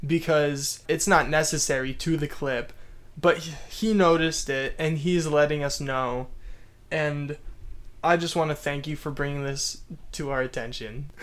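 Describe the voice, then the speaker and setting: A man's voice: fairly high pitch, a bit bright. A man giving casual comedic commentary on viewer comments, amused and sarcastic, chuckling often. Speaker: YouTube commentator.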